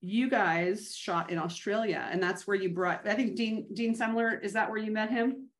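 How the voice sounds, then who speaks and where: Enthusiastic woman podcast host. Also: medium pitch. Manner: enthusiastic, quick affirmations. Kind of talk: casual interview chat.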